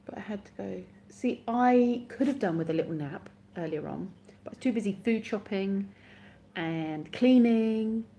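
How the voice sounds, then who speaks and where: A woman's voice: medium pitch, moderate pace, warm tone, slight background noise. Sleepy, giggly woman chatting live. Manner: chatty, giggly, self-mocking. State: sleepy, yawning. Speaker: live stream host. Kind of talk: casual chat with live viewers.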